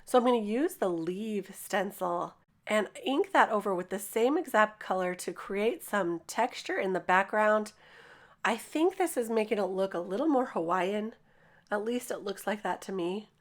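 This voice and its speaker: A woman who is losing her voice, raspy, explaining a card-making craft tutorial in a chatty, upbeat voice-over. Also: medium pitch, animated, normal speed. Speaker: craft video host. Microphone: voice-over mic.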